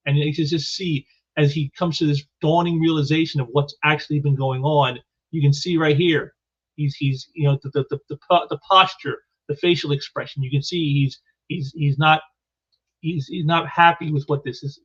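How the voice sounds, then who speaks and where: Male comic reviewer, rambling and halting, slightly high voice, muffled recording. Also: steady tone, breathy edge. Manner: halting, repeats words often. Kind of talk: casual comic book commentary.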